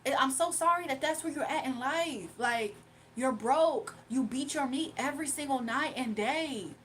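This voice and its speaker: High-voiced woman ranting at her chat. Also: moderate pace, a bit bright, a little hiss or hum. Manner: combative, mocking, defensive. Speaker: livestream host. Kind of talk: casual livestream rant to chat.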